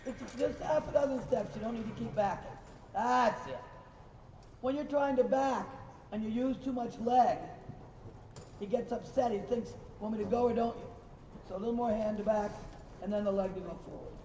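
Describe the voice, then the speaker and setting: A man with a high, mellow voice teaches a riding lesson, praising the horses and calling corrections to the riders. He sounds distant in a reverberant arena. The recording is dull and slightly noisy. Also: normal speed. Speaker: riding instructor. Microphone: recorder far from the speaker.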